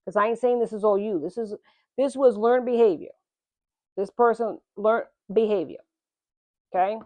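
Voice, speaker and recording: A woman's voice: fairly high pitch, normal speed, warm tone, no room sound. A woman giving a tarot reading, speaking straight to the viewer in a direct, plain-spoken way and calling them "man" and "honey". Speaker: tarot reader. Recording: tinny phone-like audio.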